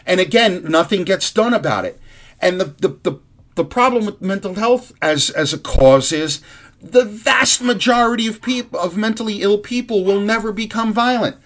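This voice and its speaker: A man's voice: high-pitched, expressive, moderate pace, a bit bright. Angry profane man ranting. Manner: angry, profane, rambling with restarts; earnest and heartfelt. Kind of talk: impassioned ranting monologue.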